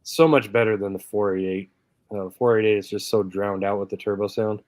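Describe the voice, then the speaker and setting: Low-voiced laughing stream host. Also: male voice, steady tone, a little fast, darkish tone, no echo. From Canada. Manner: laughs often, reads chat comments aloud. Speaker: livestream host. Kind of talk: casual live chat.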